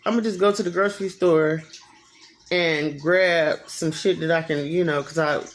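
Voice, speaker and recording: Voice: medium pitch, steady tone, normal speed, a little hiss or hum. A vlogger in their thirties telling a personal story in a casual vlog, profane and emphatic, repeating phrases for effect. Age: 30s.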